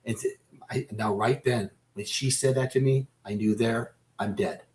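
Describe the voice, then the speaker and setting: A man telling his own story as a radio guest, halting and repeating himself, close to breaking down. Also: medium pitch, fairly even intonation, a little mellow. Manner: halting, repeats and restarts phrases. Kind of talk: personal storytelling in a radio interview.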